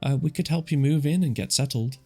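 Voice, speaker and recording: A man reading aloud, voicing a brisk, kindly, posh woman who is a bit bossy. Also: fairly high pitch, vocal fry, warm tone, husky, soft background music, voice pushed up.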